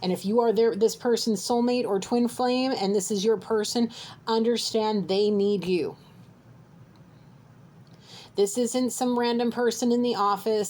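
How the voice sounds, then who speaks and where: A woman's voice: on the high side, a little mellow, low-quality recording. A woman reading a channeled spiritual message straight to her viewer, earnest and direct, often checking in with "okay?". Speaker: psychic reader. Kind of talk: channeled tarot-style reading to camera.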